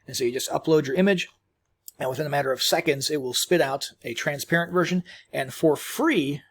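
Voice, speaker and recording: Husky man talking through a tutorial. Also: a little high, a little fast. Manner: casual, rambling, lots of ums and restarts. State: chewing while talking. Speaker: tutorial presenter. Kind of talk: screen-recorded software tutorial.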